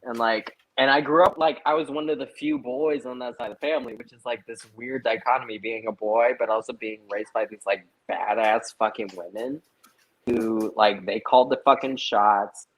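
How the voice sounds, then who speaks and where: A young man appearing as a guest on a live stream tells a story in casual chat, swearing a lot and filling with "like." His medium-pitched voice is gravelly and lively in intonation, at a moderate pace, and the audio is poor.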